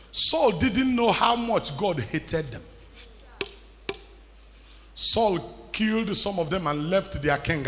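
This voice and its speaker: A high-pitched pastor preaches a sermon emphatically, repeating lines and building up to shouts. The setting is an echoey church hall with faint music playing.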